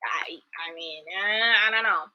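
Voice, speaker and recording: A woman's voice: mid-range voice, unhurried, lo-fi sound. A young adult woman hosting a casual live-stream, giving candid, emphatic opinions and reading viewer comments aloud. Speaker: reality TV commentary host.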